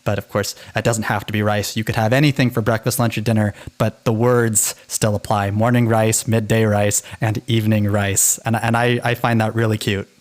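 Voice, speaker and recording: A man's voice: lowish voice, level tone, normal speed, few pauses. A man co-hosting a linguistics podcast, chatting animatedly with frequent restarts. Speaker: podcast co-host. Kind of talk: casual educational chat.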